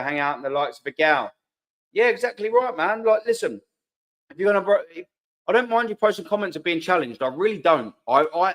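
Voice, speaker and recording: A man's voice: a little high, fairly bright tone. A man hosting a live fan chat, reading out viewer comments in a heated, swearing, repetitive way. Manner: heated, swearing, repeats himself, slangy. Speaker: host of a live fan channel.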